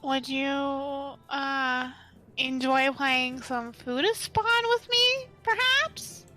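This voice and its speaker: A woman voicing a shy, awkward and sad young male troll, speaking slowly and hesitantly. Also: sits high, pushed and bright, soft background music, full character voice, low-quality recording. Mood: timid. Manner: slow, halting, hesitant delivery. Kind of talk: voicing a character in a game playthrough.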